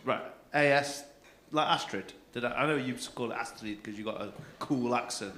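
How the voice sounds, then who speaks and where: A young man with a North-West English accent doing loud, sweary crowd-work banter as a comedy club compere. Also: mid-range voice, moderate pace. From England. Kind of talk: live stand-up crowd work. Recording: echoey club room with crowd noise.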